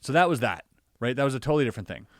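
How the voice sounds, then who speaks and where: A man telling a personal story in a relaxed podcast chat. He stays animated and acts out his own reactions, with plenty of filler words. His voice sits in a middle pitch and is recorded dry, with no room sound. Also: rapid-fire, no room sound. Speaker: podcast guest or co-host. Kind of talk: casual storytelling conversation.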